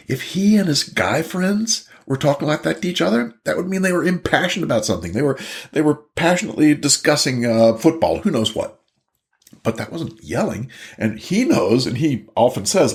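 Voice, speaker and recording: A man's voice: a little high, very animated, moderate pace. An older man, a couples therapist, talking casually to the camera and acting out a couple's argument as he tells it. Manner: storytelling, acts out both partners' voices.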